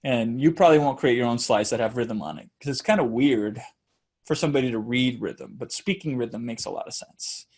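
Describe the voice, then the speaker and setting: A man's voice: mid-range voice, brisk. A man teaching how to speak in rhythm, demonstrating with chanted phrases and sounded-out beats. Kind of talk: teaching talk on speech delivery.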